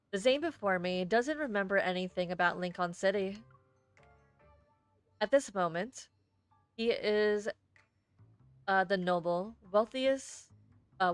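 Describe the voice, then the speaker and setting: A woman's voice: mid-range voice, smooth, no echo. A young woman streamer reading a story game aloud with chatty, self-deprecating asides.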